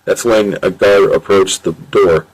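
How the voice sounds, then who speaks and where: A man's voice: low voice, steady tone, measured pace, husky, poor audio. A man reading his own adventure story aloud on a home microphone, in plain, repetitive narration. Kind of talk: amateur audiobook reading.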